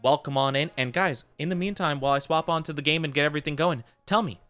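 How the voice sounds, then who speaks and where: Guy streaming a game, chatty and giggly, says like a lot, bright punchy voice. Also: fairly high pitch, fast. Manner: rambling and giggly, full of filler "like". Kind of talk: casual live-stream chat.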